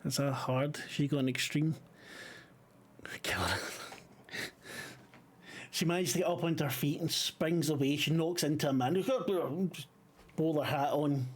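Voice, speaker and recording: Swearing male game master, slightly high. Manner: swears casually, frequent filler pauses. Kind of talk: narrating a tabletop horror game.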